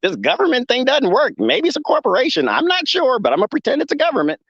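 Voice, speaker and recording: Newborn calf voiced by a man, high and squeaky, confused, dry lo-fi sound. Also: wildly swooping pitch, quick pace, a bit bright, no echo, heavily acted. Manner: high, bewildered rambling. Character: wobbly-legged newborn calf, confused and dithering.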